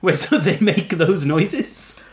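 A man's voice: high-pitched, lively intonation. A man with a Welsh accent, co-hosting a podcast in casual, teasing chat. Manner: sarcastic, joking, quick to tease. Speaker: podcast co-host.

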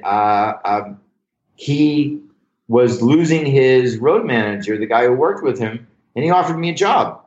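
An older man, a comedy writer as a podcast guest, telling show-business stories in a lively, profane, casual way. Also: lowish voice. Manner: animated anecdotal storyteller, swears freely. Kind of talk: casual storytelling interview. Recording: roomy, dull lo-fi sound.

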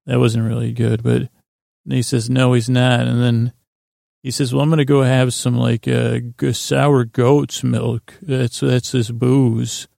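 Guy with super gravelly fry voice rambling through a bedtime recap, dead dry sound. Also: medium pitch, level tone, measured pace, mellow, no room sound. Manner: meandering, loose retelling with many fillers. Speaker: podcast host.

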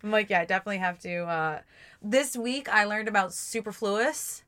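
Bright-voiced young woman podcast co-host. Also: medium pitch, moderate pace, smooth. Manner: animated, acts out her own past lines with many "like"s. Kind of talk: casual chat.

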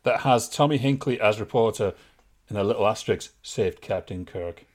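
A man's voice: on the low side, normal speed. A man co-hosting a podcast in casual chat, making dry, wisecracking remarks. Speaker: podcast co-host.

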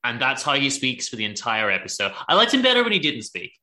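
A man co-hosting a podcast, telling a story in a sarcastic, animated way. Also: mid-range voice, quick pace. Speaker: podcast co-host. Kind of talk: casual chat reviewing a show.

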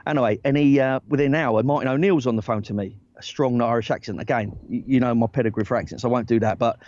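A man telling animated anecdotes as a guest in a casual podcast interview, full of restarts and asides. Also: mid-range voice, quick pace, highs cut off. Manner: animated anecdotes, rising excitedly, lots of restarts. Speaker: guest, former football agent.

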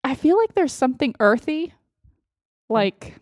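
A woman with a fairly high voice chats on a podcast and sounds enthusiastic and engaged. She affirms her friend often with quick yeses. The recording is dry and close. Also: expressive, dry recording. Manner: enthusiastic, warm listener with frequent affirmations. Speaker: podcast co-host. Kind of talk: casual chat.

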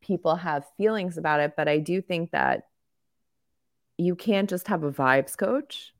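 A woman co-hosts a sports podcast in a rambling, candid style, joking as she goes. Her voice sits low with a gravelly fry. A slight cough lingers in her throat. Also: expressive, a little slow. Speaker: podcast co-host. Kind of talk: casual sports chat.

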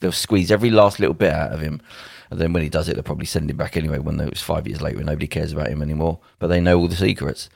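A man's voice: very deep voice, very fast, vocal fry, hardly any pauses, a little mellow, husky, dry recording, studio quality. A man co-hosting a podcast from home over a video call, rambling emphatically and acting out what people might say. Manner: rambling, emphatic, acts out quotes. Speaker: podcast co-host. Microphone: home mic on a video call.

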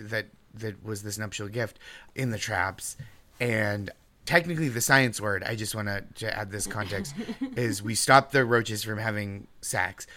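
Male comic guest, bright and animated, laughs at his own bits. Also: mid-range voice. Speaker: comedy podcast guest. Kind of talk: comedic panel banter.

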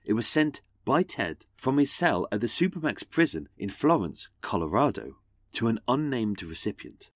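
A man's voice: mid-range voice, very animated, normal speed, no room sound. Theatrical, mocking male narrator; swooping delivery, dry booth sound. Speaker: podcast host. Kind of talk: sarcastic scripted narration.

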